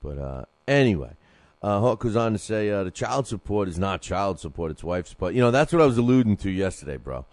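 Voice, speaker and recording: A man's voice: on the low side, very animated, a little fast, a little mellow, no room sound. A man hosting a boxing talk show, rambling casually with lots of fillers and restarts.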